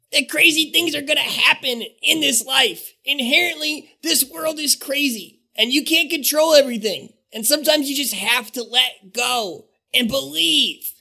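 A man voicing a reckless, sentimental male stuntman who gives a teary speech about his brother, in a raspy voice. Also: extremely high pitch, a little slow, pushed and bright, full character voice. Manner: earnest sentimental speech, laughing. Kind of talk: tabletop role-play.

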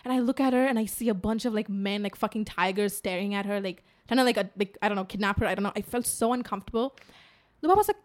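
A woman in her twenties, co-hosting a podcast in casual chat, telling animated stories with lots of swearing and laughter. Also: medium pitch, quick pace. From United Arab Emirates. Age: 20s. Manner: animated storytelling, swears freely, laughs often. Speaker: podcast co-host.

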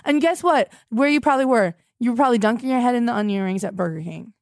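A woman's voice: fairly high pitch, fast, few pauses, no room sound, clean studio sound. A young woman hosting a comedy podcast, talking in a melodramatic, accusatory, whiny way. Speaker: podcast host. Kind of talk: improvised comedy phone call.

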